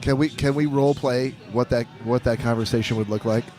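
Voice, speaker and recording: A man's voice: mid-range voice, fairly even intonation, fairly quick, darkish tone. A man co-hosting a podcast in casual banter, stammering and repeating words as he starts his sentences. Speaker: podcast co-host. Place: bar during a football game.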